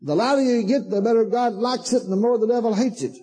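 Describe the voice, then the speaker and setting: A man's voice: very high-pitched, fast talker, mellow, slightly rough, poor audio. A man preaching a sermon to a congregation, fervent and emphatic, repeating himself and calling listeners "honey".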